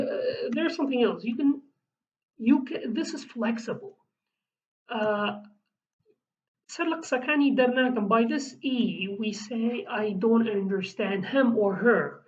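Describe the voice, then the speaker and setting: A Kurdish-speaking woman who teaches languages explains vocabulary in a lesson, halting as she searches for words and restarts often. Her voice is mid-range with a darkish tone, recorded on a distant mic with dull, lo-fi sound.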